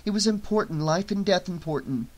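A man's voice: high-pitched, fairly quick, voice pushed up. A man reading an audiobook, voicing an anxious young woman who speaks earnestly and fretfully. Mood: worried.

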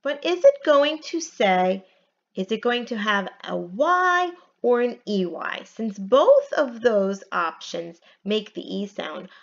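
A woman teacher giving a phonics lesson from home, spelling words out letter by letter in a slow, careful way. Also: mid-range voice, animated, vocal fry, muffled recording.

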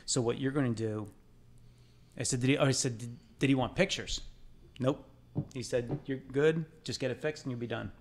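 A man's voice: medium pitch, normal speed, pauses often. A man who works as a builder, a guest on a podcast, retelling a story as back-and-forth dialogue in casual chat. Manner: retells conversations as quoted dialogue.

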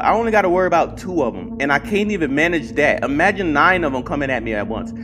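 A man playing a horror game with commentary, swearing a lot and yelping and shouting when startled, chatting to his game companion. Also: fairly high pitch, animated, a little fast, noisy background. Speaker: gaming channel host.

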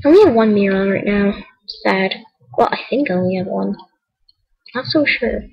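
A woman's voice: mid-range voice, moderate pace, gravelly, husky, lo-fi sound. A young female vlogger giving casual, rambling commentary while showing her game, often correcting herself, and saying she is tired and cold. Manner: chatty, rambling, self-correcting, giggly. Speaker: gaming vlogger.

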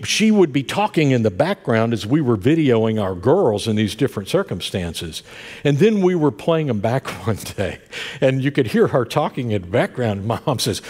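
A man's voice: mid-range voice, darkish tone, in a large hall. An older man preaching a sermon in a church, telling folksy stories with many asides. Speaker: pastor. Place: church sanctuary.

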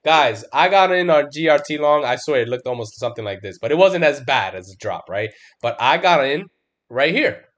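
Hosting his trading stream, this middle-aged man chats profanely and emphatically, packing in "bro" and "right?" and occasionally acting out his own panicked outbursts. His medium-pitched voice is expressive and slightly bright at a normal pace, and the recording's highs are cut off.

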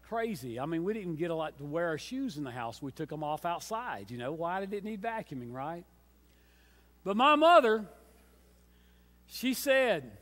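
A man pastor preaching a sermon with emphatic, repeated refrains, swinging between hushed and loud passages. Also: fairly high pitch, big pitch swings, normal speed. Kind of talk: Easter sermon. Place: church sanctuary. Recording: long church reverb.

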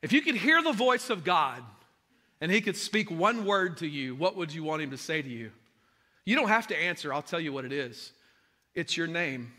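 Male pastor, bright forceful delivery, hushed to shouting, long hall reverb. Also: a little high, very animated, normal speed. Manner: impassioned, swings from hushed to shouting. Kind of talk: sermon. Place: large church hall.

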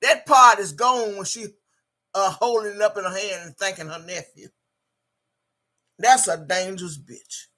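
Woman livestream host, cutting piercing tone, husky edge, profane angry rant, repeats herself. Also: medium pitch, fairly even intonation, a little slow, long pauses, bright, forceful tone. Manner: profane, combative, repetitive; reads out viewer chat.

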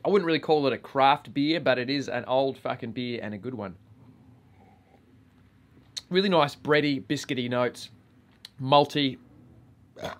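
A man's voice: mid-range voice, fairly bright tone. An Australian man talks casually to his camera, swearing in almost every sentence. His delivery is blokey and joking, like a laid-back host chatting with his regular viewers. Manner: crude, swears constantly, blokey banter. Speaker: vape reviewer and channel host. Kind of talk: casual vlog review.

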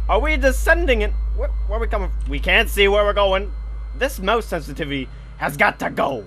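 A man giving let's play commentary on a horror game, jumpy and swearing a lot, screaming at the scares and talking loud on purpose to stay calm. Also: high voice, brisk, slightly rough. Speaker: gamer playing a horror game.

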